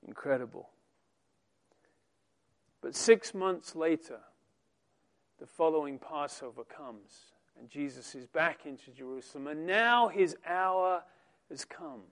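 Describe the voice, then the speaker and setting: A man preaching a sermon, reading scripture aloud and swelling loud and slow on the quoted lines. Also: on the high side, lively intonation.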